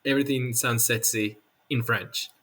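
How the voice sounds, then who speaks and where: A man's voice: mid-range voice, fairly even intonation, moderate pace, bright, forceful tone. A man from Venezuela with a Venezuelan Spanish accent, a podcast guest chatting casually and laughing easily. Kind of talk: casual interview chat.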